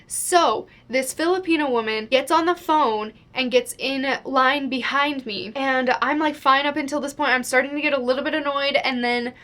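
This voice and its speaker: A woman's voice: high-pitched, moderate pace, few pauses, fairly bright tone. A young woman telling a storytime vlog to the camera, chatty and exasperated, full of "like". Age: young adult. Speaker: vlogger.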